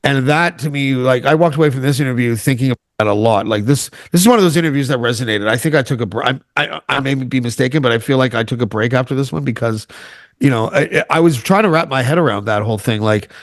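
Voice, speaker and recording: A man's voice: medium pitch, quick pace, no room sound, clean studio sound. A Canadian man, a podcast guest, chatting casually, joking and rambling with restarts. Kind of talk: casual chat.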